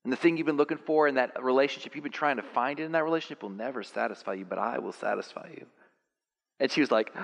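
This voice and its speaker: A man preaching a sermon, animated and building to high, excited peaks. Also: quick pace, creaky, highs cut off. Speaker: pastor. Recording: long hall reverb.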